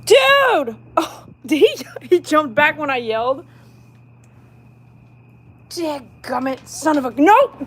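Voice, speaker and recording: A middle-aged woman, chatting casually on a livestream, full of filler words and loud bursts when calling her dogs. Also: high voice, lively intonation, normal speed. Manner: chatty, storytelling, lots of "like" fillers. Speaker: dog groomer and small business owner. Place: home patio.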